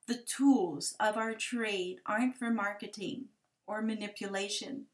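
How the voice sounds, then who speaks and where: A woman in her forties giving a personal testimony talk for a ministry, gentle and halting, with hesitant restarts. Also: medium pitch, fairly even intonation. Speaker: ministry speaker sharing testimony.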